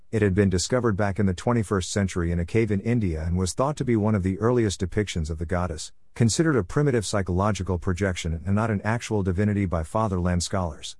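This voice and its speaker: Guy reading a novel aloud, lowish voice, steady and descriptive. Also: dry recording. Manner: measured, descriptive storytelling. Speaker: audiobook narrator. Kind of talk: scripted narration.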